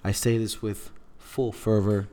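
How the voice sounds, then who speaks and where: Low-voiced earnest male podcast host. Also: level tone, a little slow, mellow. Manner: earnest storytelling with repeated phrases. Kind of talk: casual podcast talk.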